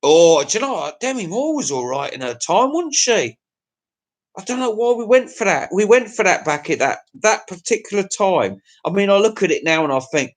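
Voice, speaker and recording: A middle-aged man with an English accent hosts a loose livestream chat, wandering from one thought to the next. He talks crude and chuckles to himself, and his voice sits a touch higher than most men's. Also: big pitch swings, moderate pace. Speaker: livestream host. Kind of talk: casual chat to viewers.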